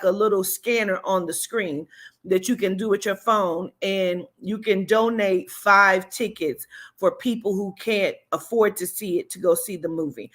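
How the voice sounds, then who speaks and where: A woman's voice: medium pitch, a bit bright. Emotional woman recapping a movie. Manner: emotional, candid, swears freely, many fillers. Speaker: vlogger and spiritual reader. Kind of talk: casual movie recap chat.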